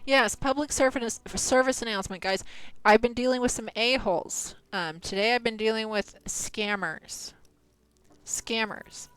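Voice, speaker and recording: Female streamer, casual exasperated chat, slightly high, clean smooth tone. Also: measured pace, fairly bright tone, rough recording. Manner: chatty, exasperated ranting with frequent laughs. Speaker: game streamer.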